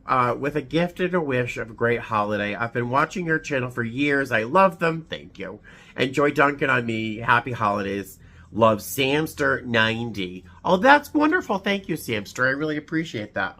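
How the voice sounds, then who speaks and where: Bright-voiced teary man reading cards. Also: mid-range voice. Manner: sentimental, tearful, many fillers and restarts. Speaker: vlogger. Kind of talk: emotional casual chat, reading holiday cards.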